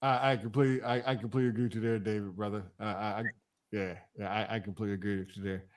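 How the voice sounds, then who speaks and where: A man's voice: lowish voice, little pitch movement, racing, a little hiss or hum. A man co-hosting a casual live stream, talking in a laid-back, hesitant way with frequent restarts. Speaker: co-host.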